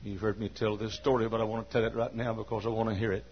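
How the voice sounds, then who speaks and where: A man preaching a sermon to a large church. He tells stories quietly and then breaks into high shouting. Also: flat delivery, quick pace, slight background noise. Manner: swings from hushed storytelling to high shouting. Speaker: pastor. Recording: dull lo-fi sermon recording.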